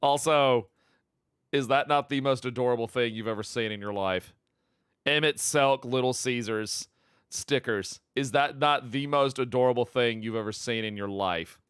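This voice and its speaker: A man streaming live, chatting casually, excitable, laughing often and repeating himself as he reacts. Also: medium pitch, moderate pace, smooth, no room sound, studio quality. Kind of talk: casual livestream chat.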